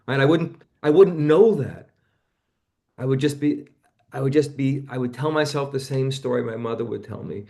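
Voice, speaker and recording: A man in his seventies, interviewed as a guest, speaks at a normal speed with a warm tone. He reflects conversationally on his own experiences and acts out remembered voices with sudden leaps in pitch.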